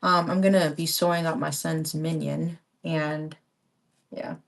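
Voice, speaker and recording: Crafting at home by a window, a woman in her thirties chats to her live-stream audience in a rambling, slangy way. The crafting vlogger's low voice is steady and measured, with vocal fry, and her small handheld pink mic is distant.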